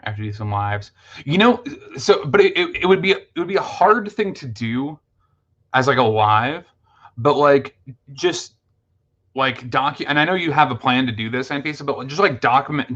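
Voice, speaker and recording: A man's voice: medium pitch, fairly bright tone, muffled recording. A man hosting a casual late-night livestream, chatting with viewers and thanking them, with lots of fillers and restarts. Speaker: livestream host.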